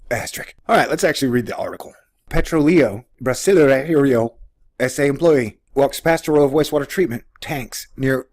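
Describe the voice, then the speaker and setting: A man's voice: mid-range voice, a little mellow. A man hosting a casual commentary on a news article, rambling and sarcastic, full of jokey asides. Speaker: host of an economics commentary channel.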